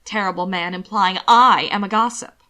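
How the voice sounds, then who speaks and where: A woman voicing a chatty noblewoman and mother who coaxes and gossips eagerly in a lively way. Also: medium pitch, moderate pace, lightly acted. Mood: coaxing, gossipy.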